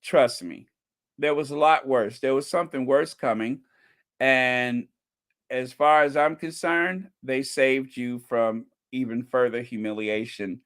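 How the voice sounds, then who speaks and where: A man's voice: medium pitch, measured pace, a bit bright. A man hosting a commentary channel, talking casually to his viewers with frequent laughter and emphatic asides.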